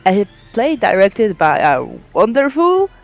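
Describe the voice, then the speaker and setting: A woman's voice: medium pitch, wildly swooping pitch, unhurried, lo-fi sound, faint music behind. A woman playing a tabletop game, playful and announcing. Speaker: player.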